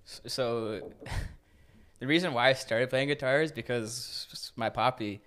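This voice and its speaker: A man's voice: medium pitch, a little slow, clear, resonant tone. Swearing young man telling stories. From Newfoundland, Canada. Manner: animated storyteller with frequent repeats and swearing. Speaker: podcast guest, rapper. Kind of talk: casual chat.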